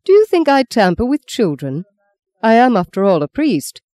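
A woman's voice: on the high side, sing-song, moderate pace, no room sound, voice pushed up. A woman voicing a wry, guarded priest. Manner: wry, gently protesting. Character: charming middle-aged male priest, wry and guarded.

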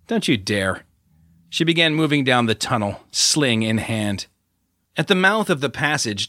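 Male narrator, bright tone, dry close studio read. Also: mid-range voice, no room sound. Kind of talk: audiobook narration.

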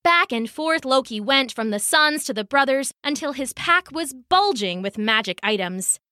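A woman narrating a mythology story as scripted storybook reading, expressive and measured. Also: high-pitched, dry recording, clean studio sound.

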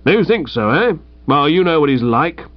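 A man voicing a hearty, brusque older woman with a loud ringing voice. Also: a little high, big pitch swings, moderate pace, no echo, lo-fi sound.

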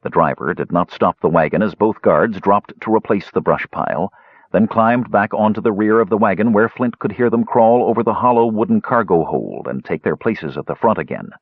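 Deep husky male audiobook narrator. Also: lively intonation, normal speed, no room sound. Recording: dull lo-fi, dry.

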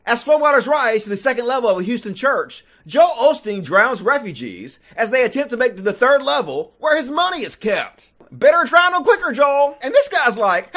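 A man doing a profane, mocking comedic rant, often shouting. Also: extremely high pitch, very animated, brisk. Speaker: comedic commentator.

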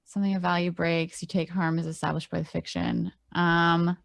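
A woman's voice: fairly low pitch, flat delivery, moderate pace, creaky, no echo. A woman playing a tabletop game, casual and swearing, with a self-mocking manner. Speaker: player.

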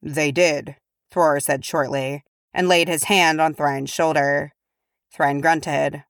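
Woman reading a story, low voice, dry close sound. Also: steady tone, slow, no room sound. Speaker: audiobook reader. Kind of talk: fan fiction reading.

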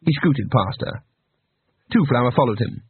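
A husky, lively man narrates an audiobook from a script at medium pitch and normal speed. There's no room sound, but the recording has a tinny, phone-line quality.

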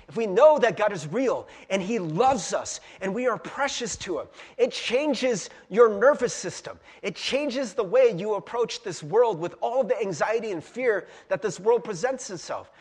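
A man's voice: high voice, breathy edge. A man, the pastor, preaching a sermon in a casual, conversational way, often tossing in "right?" and laughing at himself. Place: church sanctuary. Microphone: handheld or stand mic.

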